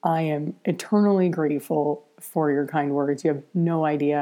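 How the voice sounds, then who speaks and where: A woman's voice: low voice, fairly even intonation, moderate pace, mellow. Candid, salty-mouthed woman podcast host. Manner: candid and blunt, swears freely, chatty with many fillers. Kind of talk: casual podcast chat.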